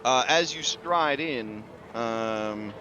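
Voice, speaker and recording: A man runs a tabletop game in a relaxed voice at a middle pitch. He explains rules loosely and fills pauses with "uh" and "um". The audio is slightly dull, like a streamed recording. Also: a little hiss or hum. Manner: casual, filler-heavy, explanatory. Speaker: game master.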